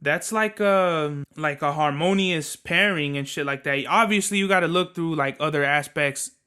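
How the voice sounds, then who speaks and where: A man with a bright, tense and smooth voice, pitched a little above the usual for men. He hosts a podcast alone, rambling through his opinions in a loose, slangy and often profane way. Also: normal speed. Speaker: podcast host. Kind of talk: casual solo commentary.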